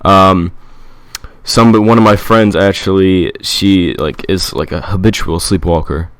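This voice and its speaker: A man's voice: deep voice, a little slow, clean tone, dry recording. A man co-hosting a comedy podcast, chatting casually with plenty of ums and likes. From England. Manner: relaxed, many fillers like um and like. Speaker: podcast co-host.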